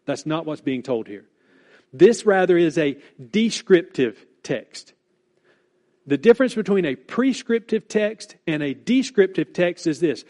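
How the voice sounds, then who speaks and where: A man preaching a sermon as pastor, earnest and deliberate, stressing key words and repeating them for weight. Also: on the high side, animated, darkish tone.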